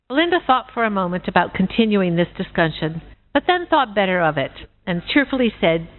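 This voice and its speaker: Expressive woman reading a fable. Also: medium pitch, brisk. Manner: expressive storytelling. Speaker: conference speaker. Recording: tinny phone-like sound.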